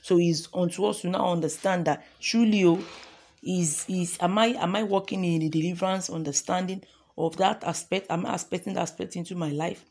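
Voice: mid-range voice, fairly even intonation, brisk, creaky, a little mellow. A devotional host leading a morning sermon, fervent and repetitive, calling listeners to repeat affirmations.

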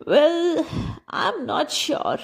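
A woman's voice: high voice, very animated, very slow, creaky, voice pushed up, exaggerated voice. A woman voicing a bad-tempered, bent old woman who speaks sharply and crossly. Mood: grudging.

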